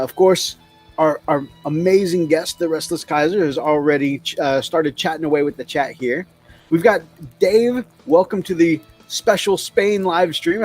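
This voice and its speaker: Upbeat host, music underneath. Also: male voice, a little high, a little mellow. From United States. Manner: enthusiastic, greeting viewers. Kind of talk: livestream chat.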